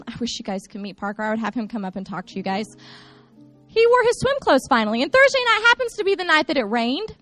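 A woman in her thirties speaking to a church congregation from the stage, joking through funny stories before turning earnest. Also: high-pitched. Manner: lively joking storyteller, turns earnest. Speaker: church children's ministry speaker. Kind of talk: humorous recap talk to a congregation.

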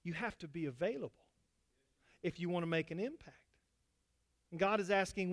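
A man preaching a sermon to his congregation as pastor, swinging between loud exhortation and quiet asides. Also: sits high, normal speed.

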